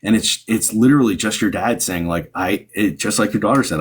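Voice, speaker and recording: A man's voice: lowish voice, brisk, breathy edge. A man hosting a live stream as a psychic medium, giving rambling, upbeat advice to a caller with many fillers and restarts.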